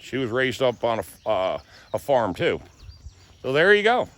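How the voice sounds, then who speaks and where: A man's voice: medium pitch, very animated, unhurried, a bit bright. A man vlogging casually, walking through his garden and telling folksy stories. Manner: folksy storyteller. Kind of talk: casual vlog walk-through. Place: rural garden outdoors.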